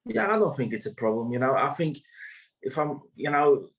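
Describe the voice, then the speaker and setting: A man's voice: medium pitch, sing-song, normal speed, fairly bright tone, rough recording. A man, a greyhound trainer, talking casually in an interview, rambling with many fillers and restarts.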